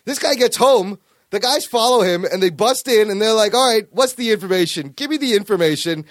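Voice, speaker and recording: A man hosting a casual podcast, animatedly retelling a comic story with profanity and quick acted-out quotes. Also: high voice, animated, dry recording, clean studio sound. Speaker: podcast host. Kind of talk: casual comic book chat.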